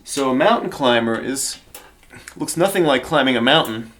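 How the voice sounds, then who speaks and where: A man's voice: mid-range voice, lively intonation, normal speed, a bit bright. A male fitness trainer demonstrating exercises, encouraging beginners and counting reps aloud while getting out of breath.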